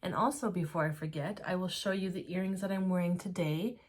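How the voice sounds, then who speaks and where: Woman, 30s, lower-pitched voice, breathless and chatty vlogger touring her home office, filmed on a handheld camera. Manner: chatty and giggly, laughs often mid-sentence; talks fast enough to run out of breath. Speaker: small business jewelry maker. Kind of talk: casual studio tour vlog. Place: small home business office. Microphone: handheld camera while walking around.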